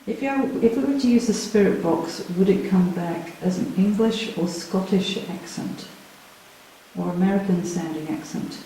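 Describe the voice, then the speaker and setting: A woman hosting a live ghost hunt in a dark stone prison cell, chatting nervously to her viewers. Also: lowish voice. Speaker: paranormal investigator and host. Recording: very echoey stone room with hiss.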